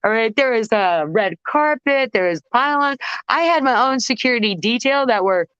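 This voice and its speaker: Brief: woman guest, higher voice, lively storyteller, dry muffled call audio. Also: moderate pace, clear, resonant tone, no room sound. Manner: animated, acts out voices in anecdotes. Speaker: guest vocalist. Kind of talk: casual storytelling interview.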